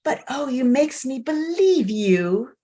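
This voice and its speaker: A woman's voice: sits high, big pitch swings, takes it slowly, dark tone, heavily acted. A woman reading the part of a naive, trusting young peasant girl who speaks in rustic, broken grammar in a play reading over a video call. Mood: shy. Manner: rustic ungrammatical speech, hesitant.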